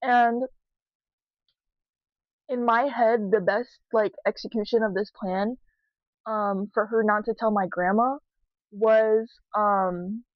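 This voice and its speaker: A young woman vlogger answers viewer questions in a casual, confessional chat, rambling with lots of "like" and "um" and cursing freely. Her mid-range voice has fairly even intonation and a slow pace with frequent pauses. The recording has no room sound and is lo-fi.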